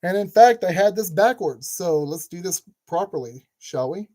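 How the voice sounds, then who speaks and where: Mellow, chatty man building a toy kit. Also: sits high, lively intonation, normal speed. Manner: chatty and jokey, talking to himself while building. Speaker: channel host giving building instructions. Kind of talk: casual build tutorial narration.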